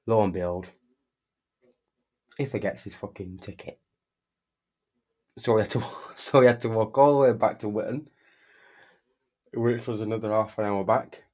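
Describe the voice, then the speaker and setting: A young man tells a long anecdote in a slightly low voice. He rambles, restarts his sentences and swears constantly, in a casual streaming chat. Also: moderate pace, long pauses, darkish tone. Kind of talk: casual storytelling while gaming.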